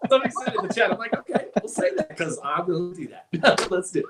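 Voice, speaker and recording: A woman co-hosting a casual livestream chat, giggly, breaking into loud laughter. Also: fairly low pitch, very animated, fast, over a noisy crowd. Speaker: co-host. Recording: noisy stream audio.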